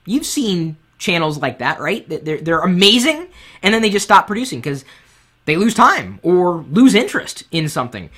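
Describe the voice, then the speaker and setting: Animated high-voiced man hosting a live show. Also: normal speed, husky. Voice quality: high-pitched voice. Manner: animated, candid, speaks from the heart. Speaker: web show host. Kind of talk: live-streamed advice talk. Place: home studio set with lights. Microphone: boom mic on top of the camera.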